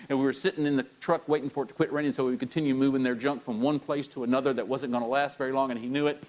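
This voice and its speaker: A male pastor, preaching a sermon and coaxing his congregation into repeating lines after him, with animated, playful encouragement. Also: medium pitch, rough recording. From United States.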